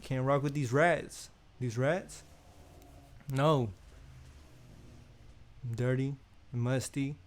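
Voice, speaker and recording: A man's voice: mid-range voice, steady tone, extremely slow, pauses often. A man from Oakland, hosting an unboxing in casual, slangy chat that keeps checking in with the listener. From Oakland, California. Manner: laid-back, slangy, keeps repeating "you feel me". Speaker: unboxing host.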